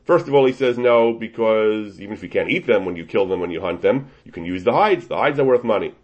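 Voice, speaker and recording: A man's voice: lowish voice, animated, quick pace. A man teaching a Talmudic-style lecture, walking through a source step by step and often restarting his sentences. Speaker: Torah teacher. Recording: dull lo-fi recording.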